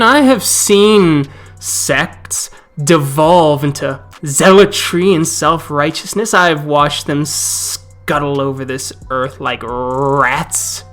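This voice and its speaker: A man voicing an ancient male vampire who speaks slowly and coldly, with a low, hushed delivery that slips into whispers. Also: exaggerated voice. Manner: slow, measured, threatening. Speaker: vampire villain.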